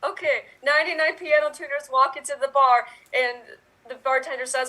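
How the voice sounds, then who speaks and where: A woman telling quick jokes as an improv player, giggly and playful. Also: sits high, steady tone, pushed and bright, low-quality recording. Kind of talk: casual joke telling.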